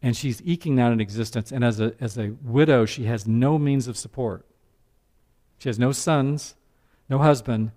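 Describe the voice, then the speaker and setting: A man preaching a sermon as pastor, animated, breaking into character voices. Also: mid-range voice, moderate pace.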